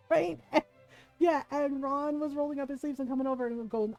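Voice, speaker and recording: A woman from the United States tells a story on a livestream in an animated, swearing, laugh-filled way. Her voice sits a little high with a mellow, warm tone. Faint game music plays underneath. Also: fairly quick, low-quality recording. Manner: animated retelling, swears freely, laughs often. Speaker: streamer.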